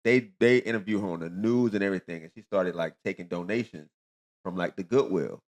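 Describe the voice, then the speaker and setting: A man's voice: deep voice, brisk. A man hosting a casual podcast, chatting and often laughing. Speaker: podcast host. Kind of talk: casual chat.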